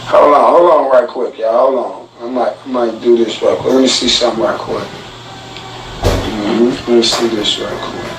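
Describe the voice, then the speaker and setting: A man's voice: medium pitch, moderate pace. A man ranting crudely on a livestream, rambling and laughing at his own jokes. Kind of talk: crude casual livestream rant. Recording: echoey, distant, faint background hiss.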